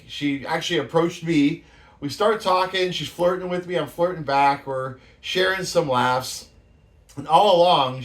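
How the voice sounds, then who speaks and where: A man's voice: fairly high pitch, fairly bright tone. Profane, laughing man telling old stories. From San Francisco Bay Area. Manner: loose, profane, laughs at his own stories. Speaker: show host. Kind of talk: casual storytelling monologue.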